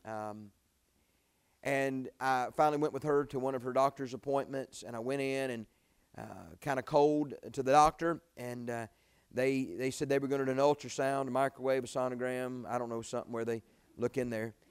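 A man, preaching a sermon in a folksy storytelling way, jumping from loud exclamations to quiet asides. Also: medium pitch, steady tone, normal speed, clean tone. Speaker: pastor.

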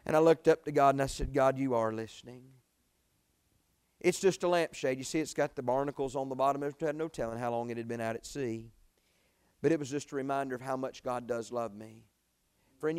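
Folksy preacher telling a story. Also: male voice, on the high side, a little mellow, clean tone. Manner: folksy, rising to pleading emotional peaks. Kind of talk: sermon storytelling.

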